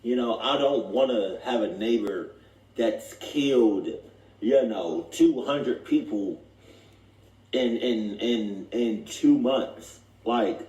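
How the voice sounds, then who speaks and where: A man's voice: medium pitch, warm tone. A man co-hosting a reaction video in casual chat, rambling and restarting his sentences. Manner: rambling, halting, restarts often. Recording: echoey room.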